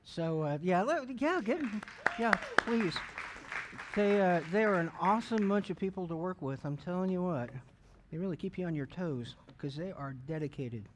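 A man's voice: high voice, animated, normal speed, a little hiss or hum. A middle-aged man, an associate pastor in a church, praying and preaching in a folksy, joking way with many restarts. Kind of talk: church sermon and prayer. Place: church sanctuary.

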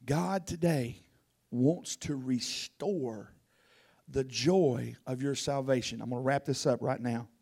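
A man preaching a sermon, telling a folksy story that swings from loud to hushed. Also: medium pitch, takes it slowly, vocal fry, slightly rough. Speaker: pastor.

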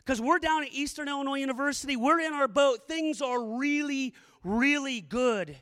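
A man preaching with a strikingly high voice, moving from quiet storytelling to fervent shouted prayer. His voice rings out with a long hall reverb behind it. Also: normal speed. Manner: impassioned, swings from hushed to shouted prayer. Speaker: campus missionary preacher. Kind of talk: sermon.

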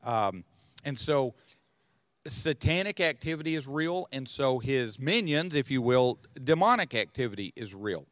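A man hosting a podcast, explaining Bible passages in a relaxed way and thinking aloud as he goes. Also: medium pitch, unhurried, dry recording. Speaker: podcast host teaching the Bible. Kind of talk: conversational Bible teaching.

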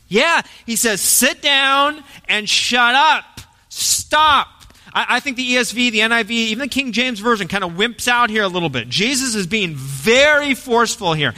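A man preaching in a church, his voice high and strikingly bright. He shifts between hushed, gentle passages and loud, forceful emphasis. The sound carries a long hall reverb. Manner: dynamic preaching, swings from soft to forceful. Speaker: pastor. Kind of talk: sermon.

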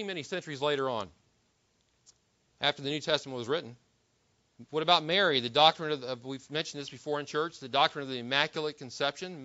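A man's voice: fairly high pitch, bright, forceful tone, lo-fi sound. A man preaching a sermon in an emphatic manner, with frequent restarts and rhetorical questions. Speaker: pastor.

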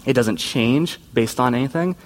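A man's voice: mid-range voice, moderate pace. A man preaching a conversational sermon as a youth pastor, earnest and informal, often slipping into quoted voices.

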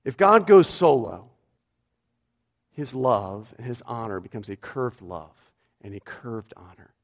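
A man's voice: mid-range voice, big pitch swings, a little slow. A pastor preaching a sermon in a church, emphatic and repeating his key phrases for weight.

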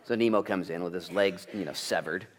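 A male pastor preaching a sermon, telling family stories with lively acted-out dialogue. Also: low-pitched, fairly quick. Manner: animated storytelling, acts out family dialogue.

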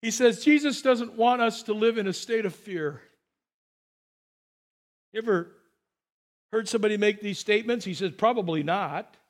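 A man preaching a sermon, telling stories with quoted dialogue and swinging between excited bursts and hushed, quiet lines. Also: high-pitched, normal speed, pauses often. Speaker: pastor.

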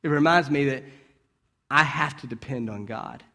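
A man's voice: medium pitch, normal speed, bright, forceful tone. A man giving a conversational sermon, asking rhetorical questions and checking in with his listeners. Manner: storytelling with brief restarts. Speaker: preacher.

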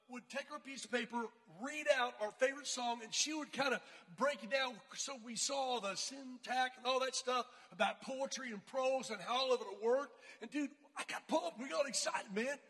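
A man preaching to a crowd of students, telling slangy, animated stories from his youth. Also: extremely high pitch, normal speed, breathy edge, big-room sound. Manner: casual, slangy, animated storytelling. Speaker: youth speaker. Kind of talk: storytelling sermon.

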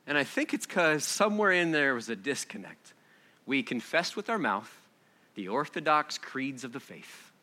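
A man preaching a sermon, reading scripture softly and then building to loud, excited exhortation with rhetorical questions. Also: medium pitch, moderate pace.

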